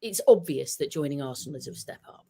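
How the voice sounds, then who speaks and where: Guest spot: woman journalist, animated, restarts a lot. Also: very deep voice, fast, vocal fry, slightly rough. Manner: thoughtful, many restarts, animated storytelling. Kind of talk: conversational podcast interview. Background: dog nearby at home.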